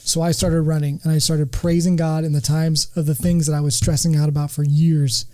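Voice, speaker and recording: A man's voice: a little high, level tone, a little fast, warm tone, poor audio. A man sharing earnestly and emphatically in a casual podcast chat, speaking in terms of faith. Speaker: podcast guest, returning regular.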